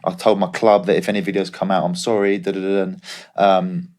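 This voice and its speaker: A man's voice: sits low, level tone, a little fast, darkish tone. A young man, a former footballer, co-hosting a podcast and telling stories in a laid-back way. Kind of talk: casual podcast chat.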